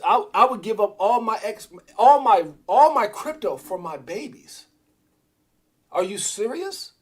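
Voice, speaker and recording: Middle-aged male stream host with a high voice; heated, repetitive, stammering ranter. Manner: fiery, repeats himself, stammers when worked up. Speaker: livestream host. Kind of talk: heated casual commentary.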